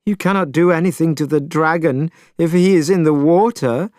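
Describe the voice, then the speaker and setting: A man's voice: on the high side, normal speed, a little mellow, dry recording, clean studio sound, pitched above the performer's own voice, close to an everyday voice. A man voicing a young, fearful male priest in a storybook, whining and tearful.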